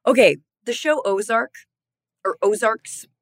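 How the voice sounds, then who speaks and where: A woman's voice: a little high, unhurried, dry recording, clean studio sound. A woman co-hosting a podcast, chatting casually with lots of fillers and jokes. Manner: animated, joking, lots of fillers. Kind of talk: casual chat.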